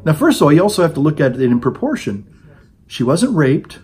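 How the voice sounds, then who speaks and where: A man's voice: fairly high pitch, very animated, a little fast, darkish tone. A man giving a rambling, sarcastic opinion monologue on his own channel, full of "you know" fillers. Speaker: video blogger.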